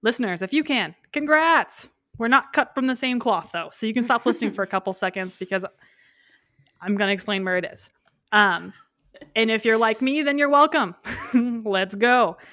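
A woman's voice: fairly high pitch, fairly bright tone, no room sound. A woman in her twenties co-hosting a podcast, chatting casually and joking often. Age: 20s. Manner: joking, chatty, quick laughs. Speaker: podcast co-host. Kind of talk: casual chat.

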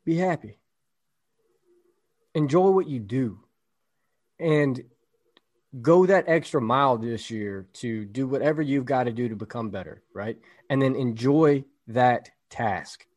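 Brief: male podcast co-host, mid-pitched, casual, motivational and emphatic. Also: a little slow, pauses often, darkish tone. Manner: motivational, emphatic, lots of "right?".

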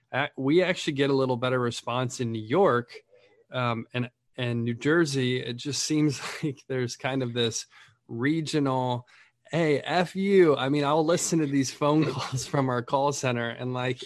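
A man's voice: mid-range voice, no room sound. Brief: male host, casual talk-show chat, mid-range voice, rambling and jokey, recorded dry and close. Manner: chatty, rambling, laughs often. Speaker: podcast host, Medicare marketer.

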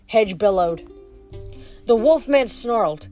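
A woman reading a novel aloud, steady, with small stumbles over words now and then. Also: mid-range voice, normal speed, soft background music. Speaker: reader.

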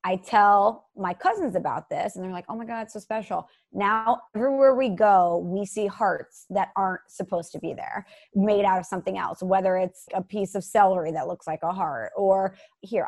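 A woman in her thirties, an earnest and animated storyteller, chatting casually as co-host. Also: mid-range voice, normal speed, vocal fry, few pauses, husky. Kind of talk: casual chat.

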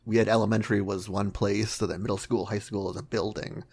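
A man's voice: lowish voice, little pitch movement, quick pace, a little mellow, husky. A man co-hosting a casual podcast, joking around and laughing often. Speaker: podcast co-host. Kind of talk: casual chat.

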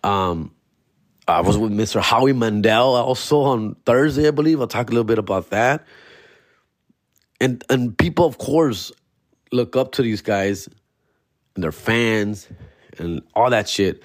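A young adult man, a comedian hosting his podcast, telling stories in a slangy, animated way and dropping words, a bit hungover. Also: fairly low pitch, unhurried, pauses often, no echo, clean studio sound. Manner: slangy, animated, peppered with "fool" and "bro". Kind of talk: casual storytelling monologue.

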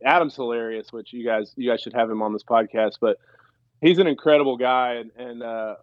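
A man's voice: mid-range voice, fairly quick, no echo. Man, podcast guest, rambling storyteller, lots of fillers, muffled dry recording. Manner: rambling, many fillers and restarts. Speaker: former pro baseball player, podcast guest. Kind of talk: casual storytelling.

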